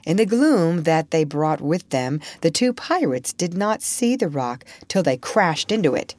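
A woman narrator reading a storybook aloud in a measured, expressive way. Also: low-pitched, no room sound.

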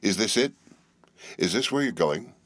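A man's voice: lowish voice, lively intonation, normal speed, a bit bright, no echo, voice pushed up. A man voicing Ardita, a cool, teasing young woman. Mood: eager. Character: young woman, bored, witty, flippant heiress.

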